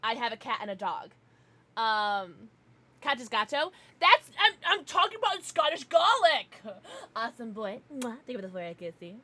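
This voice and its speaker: A woman streamer chats casually with her viewers in a playful, giggly way. Her voice is bright and sits fairly high. Her delivery swoops up and down with lots of life. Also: very animated, moderate pace. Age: adult, parent. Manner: giggly, playful, teasing outbursts. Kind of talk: casual livestream chat, reading chat.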